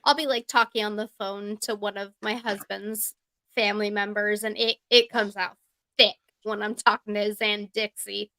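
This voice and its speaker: A woman's voice: medium pitch, level tone, normal speed, bright, forceful tone, no echo. A woman from Georgia with a light Southern accent, chatting casually as a guest and telling stories. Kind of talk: casual chat.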